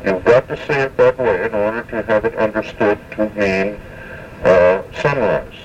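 A man giving a spoken language lesson, slowly and carefully repeating words to show their pronunciation, with many hesitations. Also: fairly low pitch, recorded from a distance, a little hiss or hum, low-quality recording. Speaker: language teacher.

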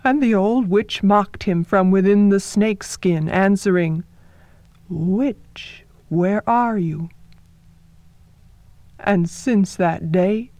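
Woman, storyteller, folktale narration, very slow, soft and measured, dry close sound. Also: medium pitch, no echo.

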